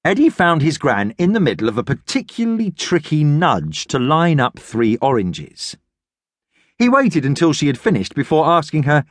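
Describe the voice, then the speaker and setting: A man narrating a children's audiobook in a lively storytelling manner. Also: fairly high pitch, moderate pace, no room sound. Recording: dry studio audiobook.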